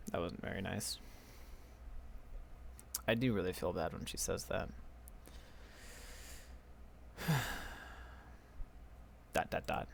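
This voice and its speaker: A man's voice: low-pitched, steady tone, takes it slowly, creaky, long pauses. A man giving casual, chatty commentary while playing a video game, reacting aloud to what happens on screen. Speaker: gamer streamer. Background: game music.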